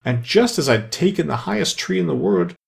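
A fretful nesting pigeon from a storybook, as a man puts it on. It scolds in a shrill, high voice with lively swings of pitch. A gravelly grain stays under it. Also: brisk, exaggerated voice. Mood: shrill scolding.

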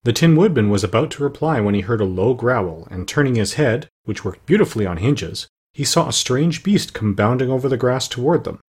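A man reading a storybook aloud as narrator, steady and plain, with the odd small slip. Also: medium pitch, a little fast, husky. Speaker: audiobook narrator.

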